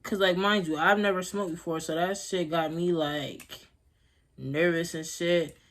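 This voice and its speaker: A woman's voice: fairly low pitch, fairly even intonation, measured pace. A young woman vlogging at home, telling a casual story in a rambling, slangy way with laughs.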